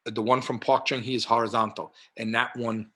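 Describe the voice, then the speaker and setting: A man's voice: mid-range voice, brisk, husky. A man in his sixties with a New York accent, a guest telling rambling anecdotes full of fillers over a video call. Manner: rambling, many fillers and restarts, animated anecdotes. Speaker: martial arts historian guest. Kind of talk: casual storytelling interview.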